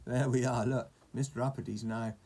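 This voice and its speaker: Gravelly man reading to a child. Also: medium pitch, steady tone, normal speed. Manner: warm, chatty asides to a child.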